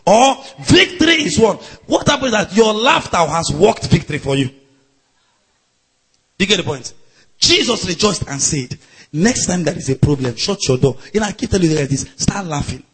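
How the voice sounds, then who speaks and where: High, lively male preacher shouting with joy. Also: normal speed, breathy edge. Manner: loud laughing and shouting, building to chanted refrains. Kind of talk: sermon.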